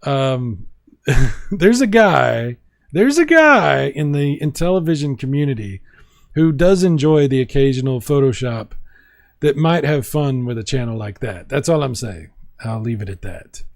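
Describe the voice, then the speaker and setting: A man's voice: medium pitch, lively intonation, a little slow. A man hosting a casual video game livestream, reading viewer comments aloud with playful asides and frequent laughs. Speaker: livestream host.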